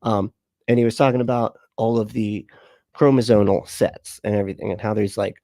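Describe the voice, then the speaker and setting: A man's voice: on the low side, fairly even intonation, fairly quick, dark tone, no room sound. A man hosting a casual livestream, rambling with viewers, swearing freely and laughing often. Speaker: livestream host.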